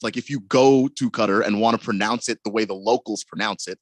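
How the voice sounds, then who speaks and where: A man's voice: on the low side, a little fast, no echo. A man co-hosting a sports radio show, explaining things in an easygoing way. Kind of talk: casual sports radio banter. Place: radio studio.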